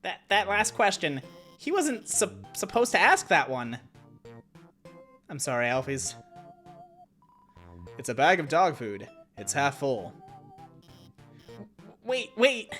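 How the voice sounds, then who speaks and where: A man's voice: a little high, huge pitch swings, slow, long pauses, a bit bright, faint music behind, exaggerated voice. A man doing a stammering nerdy lizard scientist. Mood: flustered. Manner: stammering, hesitant. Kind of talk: streamer voicing game dialogue.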